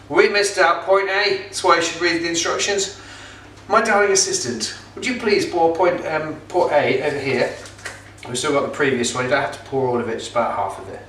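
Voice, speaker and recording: Medium in pitch with a fairly bright tone, this man's voice comes through a mic set some distance off, with roomy echo and slight background noise. He's middle-aged, selling pizza kits and presenting a casual, chatty cooking demonstration at home, joking around and using plenty of filler words.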